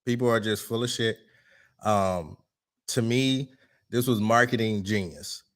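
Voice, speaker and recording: A man's voice: on the low side, measured pace. A man co-hosting a casual podcast chat, blunt, laughing often and swearing freely. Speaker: podcast co-host.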